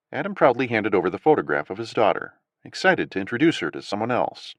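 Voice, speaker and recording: A man narrating an audiobook in an expressive, varied storytelling manner. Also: on the low side, fast, few pauses, no room sound. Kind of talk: scripted narration.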